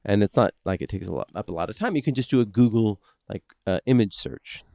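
Male podcast co-host, lively pitch, rambling delivery, dry close mic. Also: fast, vocal fry, dry recording. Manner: animated, rambling with many restarts. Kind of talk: casual chat.

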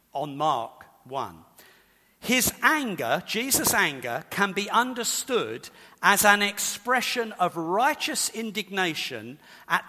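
A man's voice: high-pitched, pushed and bright, long reverb tail. A man preaching a sermon, explaining scripture in a conversational way and repeating key points for emphasis.

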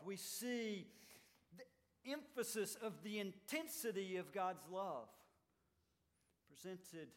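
A man preaching a sermon as pastor, swinging between loud emphatic lines and quiet, low ones. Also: expressive, slow, long pauses. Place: church sanctuary.

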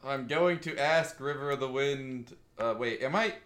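A man's voice: mid-range voice, normal speed, fairly bright tone. A man playing a tabletop role-playing game, talking casually and hesitantly, often correcting himself. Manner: hesitant, rambling, self-correcting. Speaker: player.

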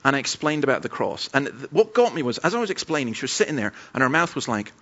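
A man's voice: mid-range voice, very animated, quick pace, a bit bright. A man preaching a sermon at a church camp, telling stories in a conversational way with frequent asides. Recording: dull lo-fi sermon recording.

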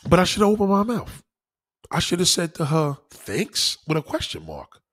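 A man on his own channel, giving casual advice in an animated, preachy way, swearing freely. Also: sits high, fairly quick. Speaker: YouTuber.

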